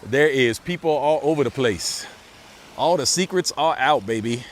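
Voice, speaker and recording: A man's voice: mid-range voice, moderate pace, a little hiss or hum. Laid-back man streaming live while walking outdoors. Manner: laid-back, thanks viewers for donations, repeats phrases. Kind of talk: casual live-stream walk and talk. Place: outdoors by a beach and pools.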